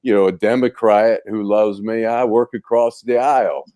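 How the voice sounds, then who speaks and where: A man's voice: fairly low pitch, steady tone, normal speed, warm tone, no room sound, lightly acted. A man putting on an overdone, mocking Southern US accent as a pleading senator. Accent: Southern US, put on. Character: smarmy Southern male senator begging for help.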